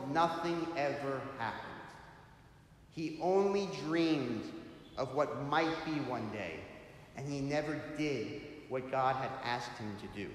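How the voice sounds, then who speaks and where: Man preaching in a very echoey hall. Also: a little high. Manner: storytelling, rhetorical questions. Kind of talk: sermon. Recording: echoey hall, faint hiss.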